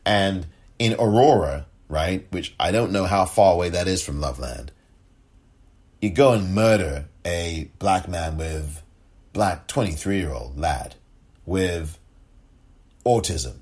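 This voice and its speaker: A man giving impassioned political commentary, angry and sarcastic, often rising in pitch as he rants. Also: lively intonation, takes it slowly, a little mellow.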